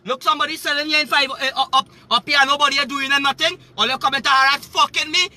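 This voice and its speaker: A Trinidadian man delivering an agitated, profane, repetitive rant on a live stream, often shouting. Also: very high voice, fairly even intonation, fast, hardly any pauses, no echo. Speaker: livestreamer.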